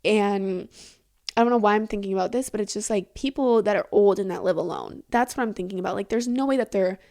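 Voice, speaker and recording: A woman in her late teens hosts a casual solo podcast, rambling candidly with lots of swearing and "like." Her medium-pitched voice is a little mellow, and she talks fairly quickly.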